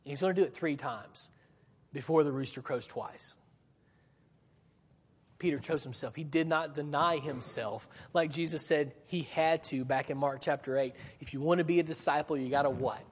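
A man's voice: on the high side, normal speed, slightly rough, in a large hall. A man preaching a sermon in a church, talking in a conversational way with frequent restarts and rhetorical questions. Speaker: pastor.

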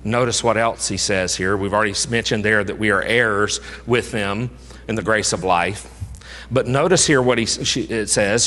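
A male pastor preaching a sermon, emphatic, swinging from raised urging to hushed low tones. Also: normal speed. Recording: reverberant hall.

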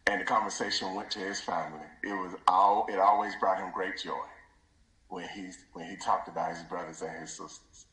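A man's voice: deep voice, bright, forceful tone. A man giving a tribute at his father's funeral in a church, his voice often breaking and falling to a near whisper. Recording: echoey church room.

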